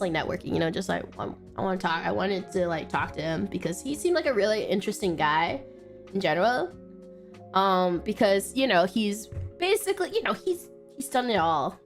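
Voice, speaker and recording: A young woman VTuber telling a story on stream in a casual, chatty way, full of fillers and bursts of excited shrieking. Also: medium pitch. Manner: animated, laughs and shrieks when excited; frequent fillers like "like" and "um".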